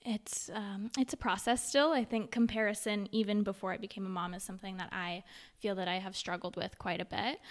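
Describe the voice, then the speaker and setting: A young adult woman talking as a guest in a casual interview, a mother and blogger speaking candidly with lots of fillers. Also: mid-range voice. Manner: chatty and candid, with frequent fillers.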